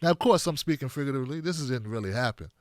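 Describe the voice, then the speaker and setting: A man's voice: medium pitch, animated, rapid-fire, a little mellow, dry recording, clean studio sound. A man hosting a comedic political commentary, riffing animatedly with exaggerated jokes.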